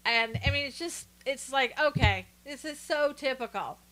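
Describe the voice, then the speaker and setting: A woman's voice: high voice, normal speed, pushed and bright. A woman hosting a live stream, chatting casually through political commentary and greeting viewers by name, with frequent fillers.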